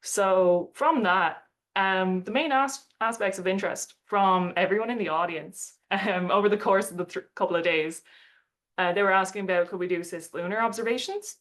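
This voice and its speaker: A woman's voice: medium pitch, normal speed, fairly bright tone. A young woman giving a casual talk about her work, telling a story in a chatty way with lots of "like" and short laughs, switching into playful voices to quote others.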